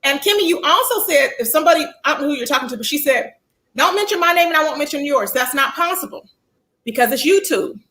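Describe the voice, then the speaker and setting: Chatty high-voiced woman livestream host. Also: fast. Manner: chatty, animated, greets viewers by name, calls them baby and child. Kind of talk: casual livestream commentary.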